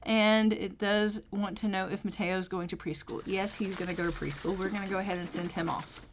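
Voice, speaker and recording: A woman's voice: medium pitch, steady tone, fairly quick. Woman narrating gameplay, chatty and rambling, mid-range voice, faint hiss behind. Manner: chatty, rambling, frequent ums. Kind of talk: casual let's-play narration.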